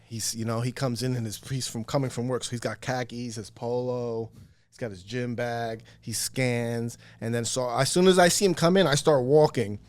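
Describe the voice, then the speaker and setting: Animated, profane man telling a story. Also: medium pitch, moderate pace, dry recording. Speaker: podcast guest. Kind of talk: casual storytelling.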